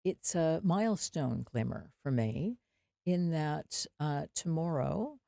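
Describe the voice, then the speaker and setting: A woman's voice: deep voice, animated, slow pace, creaky, mellow, no room sound, clean studio sound. A middle-aged Canadian woman co-hosting a podcast, laughing often and restarting her sentences. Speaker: podcast co-host. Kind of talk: casual chat.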